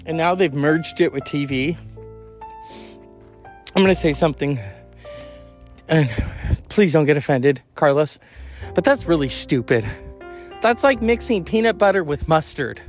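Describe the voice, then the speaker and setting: A man's voice: fairly high pitch, expressive, a little slow, long pauses, faint music behind. A man hosting a podcast in a rambling, candid, profane monologue, sighing and yawning as he goes. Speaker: podcast host. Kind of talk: casual monologue.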